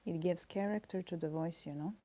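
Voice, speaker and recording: A woman with a low, warm, mellow voice talks casually on a stream while drawing at her desk. She rambles softly, thinking aloud and searching for words with small pauses. Her voice is caught by the camera's own microphone. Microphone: camera mic.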